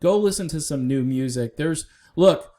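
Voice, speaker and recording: A man's voice: fairly high pitch, animated, moderate pace, dark tone. A man giving casual, opinionated solo commentary on music news, talking straight to viewers with frequent fillers.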